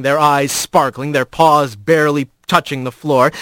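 A man reading a storybook aloud as narrator, in an expressive, animated way. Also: on the high side, normal speed, few pauses, clear, resonant tone, dry recording.

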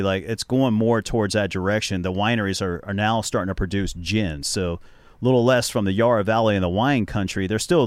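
A male radio guest who chats easily and rambles from one story to the next. His voice sits low, and the studio sound is dry with no room echo. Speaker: guest and sports show host. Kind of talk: casual chat.

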